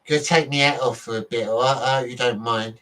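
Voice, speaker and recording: A man's voice: medium pitch, steady tone, fast, bright, forceful tone, recorded from a distance, rough recording. A man from Britain vlogging in a casual, rambling monologue, often correcting himself and swearing offhandedly.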